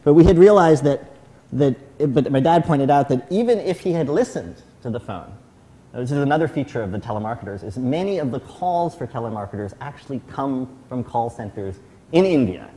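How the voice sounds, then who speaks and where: A man's voice: mid-range voice, lively intonation, a little fast, mellow. A middle-aged man giving an anecdotal tribute speech at a celebration, telling his story with frequent restarts. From United States. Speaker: guest speaker at a celebration.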